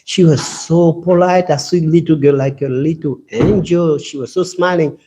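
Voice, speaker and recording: Halting French-accented man, mellow voice. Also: fairly high pitch. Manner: halting, repeats words, searches for English words. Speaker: class speaker. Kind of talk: scripture class talk.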